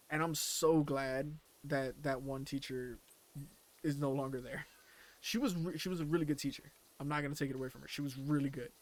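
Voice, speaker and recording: A man streaming a game and chatting casually, rambling with lots of fillers and casual swearing. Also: a little high. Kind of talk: casual chat while playing a game.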